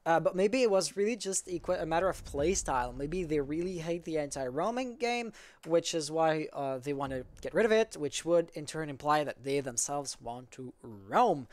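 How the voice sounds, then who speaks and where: A male esports caster calling a live match, talking in a halting way, often stopping to correct himself. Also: a little high, lively intonation. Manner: halting, self-correcting, apologizes for stuttering.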